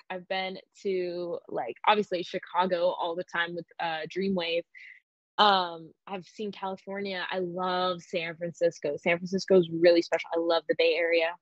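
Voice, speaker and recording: A woman's voice: fairly low pitch, steady tone, normal speed, no echo, muffled recording. A nineteen-year-old woman from Arizona, a pro wrestler talking as an interview guest in a bubbly, rambling way full of "like". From Phoenix, Arizona, US. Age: young adult, 19. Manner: bubbly, rambling, heavy use of "like". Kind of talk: casual interview chat.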